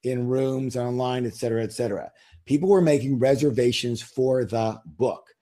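A man's voice: medium pitch, steady tone, moderate pace, mellow. A man, an author, talking as an interview guest in a casual, emphatic, salesy way, firing rhetorical questions at listeners.

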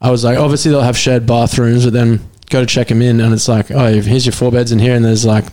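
A man's voice: mid-range voice, little pitch movement, fast, dark tone. Aussie muso guy rambling through a tour story, swears a lot. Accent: Australian. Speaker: guest musician. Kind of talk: casual chat.

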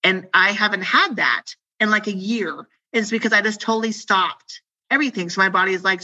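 A woman's voice: medium pitch, fairly quick, few pauses, pushed and bright, highs cut off. A woman sharing her experience in a casual, rambling chat, laughing often. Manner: chatty, rambling, giggly.

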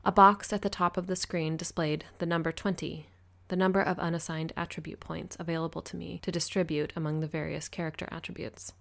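A woman narrating an audiobook in the first person, in an even, measured reading. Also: low voice, gravelly.

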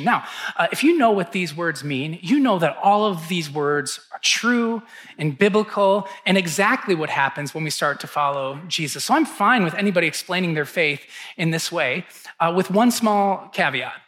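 A male pastor in his thirties preaching in a relaxed, conversational way. His voice sits high and sounds bright. He tells stories and acts out the lines people said. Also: normal speed. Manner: conversational storytelling, acts out quotes. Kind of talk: sermon.

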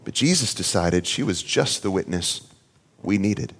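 A man in his thirties preaching a sermon, earnest and storytelling, sometimes playfully animated. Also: sits low, a little slow, vocal fry, breathy edge, in a large hall. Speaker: pastor.

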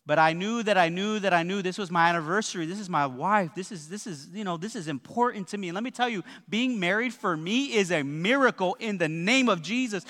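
A man in his thirties preaching a lively, joking sermon with frequent asides to the congregation. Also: very high voice, fairly quick, few pauses. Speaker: pastor. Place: church sanctuary. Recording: long hall reverb.

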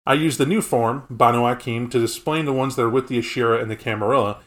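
A man's voice: mid-range voice, steady tone, fast talker, fairly bright tone. Man rambling through game lore. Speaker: podcast co-host. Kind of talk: casual tabletop game lore chat.

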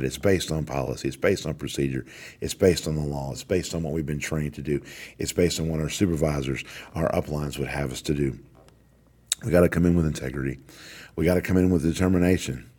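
With an extremely low, slightly mellow voice, a middle-aged podcast host who is also a corrections warden presses his motivational message hard, repeating the main lines.

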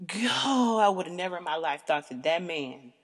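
A woman hosting a podcast, telling a candid story in an animated, emphatic way, swearing freely and calling out to her listeners. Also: on the low side, normal speed, breathy edge, big-room sound. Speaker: podcast host.

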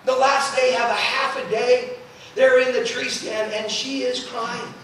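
A man preaching a storytelling sermon as a traveling youth preacher, animated and acting out the voices he quotes. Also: very high-pitched, slight background noise. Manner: animated, acts out quoted voices, quick asides. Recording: echoey hall, mic at a distance.

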